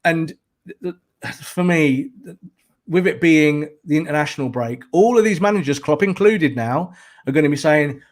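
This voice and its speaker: A man, a football journalist guest on a podcast, talking in an animated, emphatic way and repeating words to press his points. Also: on the high side, normal speed. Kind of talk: casual podcast chat.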